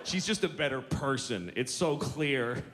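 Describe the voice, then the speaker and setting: A man's voice: medium pitch, lively intonation, a little slow. A male stand-up comedian doing a set on stage, profane, exasperated and mocking. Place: theater stage. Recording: big hall with a loud, laughing crowd.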